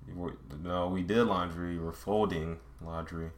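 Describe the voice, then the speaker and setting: A man's voice: sits low, fairly even intonation, measured pace. A man co-hosting a casual late-night podcast from home, talking in a teasing, blunt, profane way. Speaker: podcast co-host.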